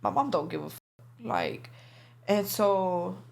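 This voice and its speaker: A woman's voice: lowish voice, slow, vocal fry. A young woman guest recounting her life in a casual interview, candid and profane, with plenty of filler words.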